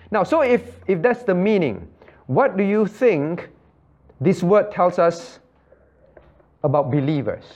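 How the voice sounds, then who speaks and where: A man's voice: high voice, a little mellow. A male pastor teaching a Bible study. He repeats key phrases and quizzes his listeners by name. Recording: muffled lo-fi recording.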